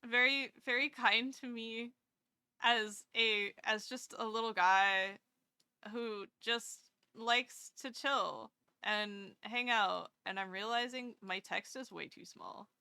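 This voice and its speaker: A woman's voice: medium pitch, gravelly, bright, forceful tone, clear, resonant tone, no room sound, clean studio sound. A woman VTuber streamer chatting casually with her viewers live, rambling and self-deprecating, gushing over kind messages.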